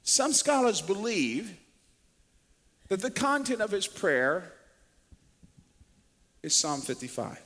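A male preacher giving an emphatic, animated sermon, swinging between quiet and loud and often repeating words. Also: high voice, slow pace, pauses often. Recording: long reverb of a large hall.

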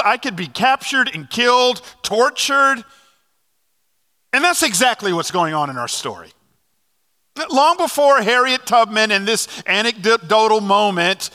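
A man preaching a sermon as a pastor, telling a story with lively restarts and fillers. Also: very high-pitched. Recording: long hall reverb.

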